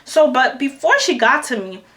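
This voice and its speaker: A young woman in a storytime vlog, animated and acting out the people she quotes. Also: high-pitched, normal speed, slight background noise. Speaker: vlogger. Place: New York City.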